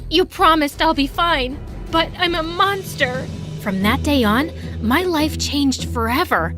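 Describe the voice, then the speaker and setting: A woman narrating an animated drama story in the first person, bright and animated. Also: high voice.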